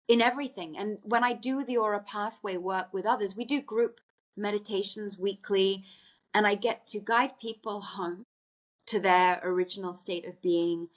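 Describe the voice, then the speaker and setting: A woman podcast guest telling a personal story in an earnest, reflective way, often restarting her sentences. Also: medium pitch.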